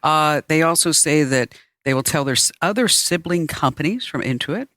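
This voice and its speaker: A man's voice: fairly high pitch, lively intonation, moderate pace, bright, forceful tone, dry recording, studio quality. A man co-hosting a podcast in casual chat, talking loosely with lots of fillers. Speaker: podcast co-host.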